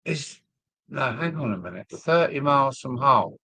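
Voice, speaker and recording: Reading viewer comments on his model railway live stream, a Kent man with a southern English accent chats casually and rambles, filling gaps with ums and trailing off. His mid-range voice is expressive, pushed, bright and slightly rough, at a moderate pace with no room sound.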